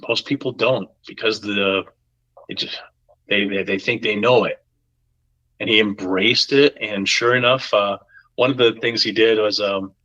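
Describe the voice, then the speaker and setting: A man telling a story on a podcast in a casual, animated way, acting out the voices of the people in it. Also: on the low side, breathy edge, muffled recording. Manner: animated, acts out quoted voices. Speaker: podcast guest.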